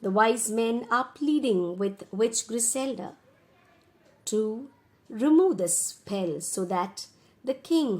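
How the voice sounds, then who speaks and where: Slow, patient Indian-accented teacher. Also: female voice, mid-range voice, darkish tone. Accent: Indian English. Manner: reads a line, then retells it in simple words. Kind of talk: slow classroom explanation of a story.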